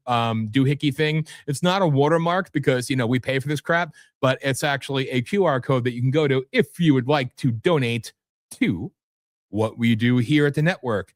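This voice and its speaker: A man hosting his own political livestream, combative and sarcastic, swinging between loud jabs and muttered asides. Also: medium pitch, dry recording, studio quality. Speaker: host and political candidate. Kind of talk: ranting livestream talk. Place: home setup with virtual background.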